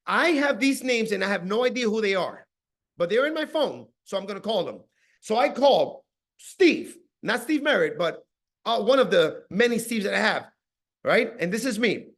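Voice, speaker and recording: A man coaching his sales team on a video call, animated and acting out his phone calls, tagging "right?" onto his points. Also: sits high, moderate pace. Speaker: team leader giving sales training.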